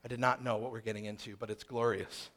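A man's voice: on the low side, level tone, quick pace, fairly bright tone. A man in his thirties telling a personal story in a sermon, emphatic and fond of repeating phrases for rhythm.

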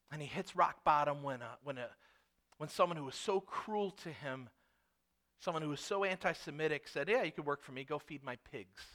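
A middle-aged man preaching a sermon, telling a story with lively delivery. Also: high-pitched. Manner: animated storytelling, acts out quotes. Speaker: pastor.

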